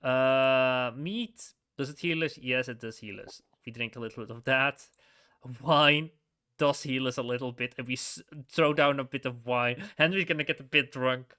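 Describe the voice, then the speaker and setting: A man's voice: mid-range voice, normal speed, pushed and bright, smooth. A man giving casual let's-play commentary while playing a story game, rambling with frequent chuckles and restarts.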